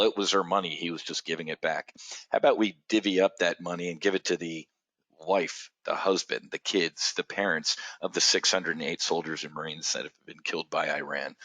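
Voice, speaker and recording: A man with a very low voice delivers trading commentary to his viewers. He is blunt and opinionated and rambles from one point to the next. The sound is dry and close, with no room echo. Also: fairly bright tone. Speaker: options trading show host. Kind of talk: market commentary.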